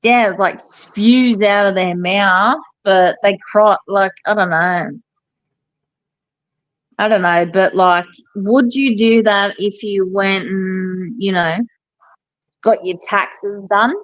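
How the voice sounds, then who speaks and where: Slow-talking hairdresser woman. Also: medium pitch, no echo, dull audio. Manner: swearing, animated storytelling. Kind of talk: casual chat.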